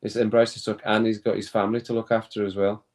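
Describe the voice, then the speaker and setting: A man's voice: fairly low pitch, little pitch movement, fast. A man hosting a casual watch-along stream, chatting with viewers and often laughing. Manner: chatty, reads chat comments aloud, laughs often, reacts to play. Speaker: live stream host.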